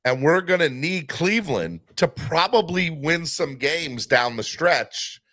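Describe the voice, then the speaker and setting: A man hosting a live sports fan podcast, talking in an animated, rambling way with many fillers. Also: fairly high pitch, unhurried, no room sound, clean studio sound. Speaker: podcast host.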